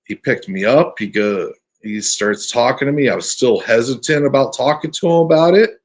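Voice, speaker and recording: Podcast guest, male, husky, earnest storyteller who stumbles and restarts. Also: medium pitch. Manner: earnest, halting, restarts often. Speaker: podcast guest telling his encounter story. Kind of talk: casual storytelling.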